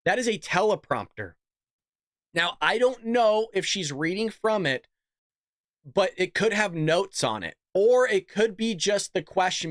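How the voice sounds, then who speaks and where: A man's voice: fairly high pitch, fairly bright tone, dry recording, studio quality. A man hosting a casual political commentary show in a mocking, sarcastic way. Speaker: show host.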